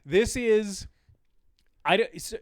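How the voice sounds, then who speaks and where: A young man co-hosting a film podcast in casual chat, animated and laughing often as he acts out scenes. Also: high voice, slow, dry recording, studio quality. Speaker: podcast co-host.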